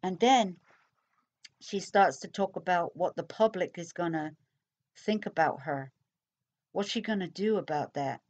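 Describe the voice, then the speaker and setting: A woman's voice: on the low side, a little slow, long pauses, darkish tone. A woman giving casual recorded commentary on a true crime case, chatty and repetitive, speculating aloud with asides.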